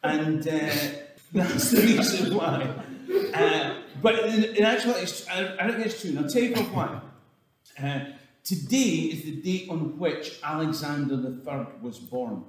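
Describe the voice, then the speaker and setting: A man's voice: a little high, a little slow. A Scottish man giving an irreverent comic history talk, swearing and chuckling through his asides. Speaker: storyteller. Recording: echoey hall from far off.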